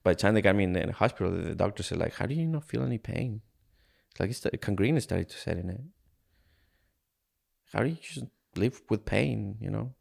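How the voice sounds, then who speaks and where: An earnest man from Ecuador tells his own story as a podcast guest. His voice sits low and carries a gravelly, rough edge. He talks in a candid, halting way and acts out past conversations as he goes. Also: expressive, a little mellow. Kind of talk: candid personal storytelling in an interview.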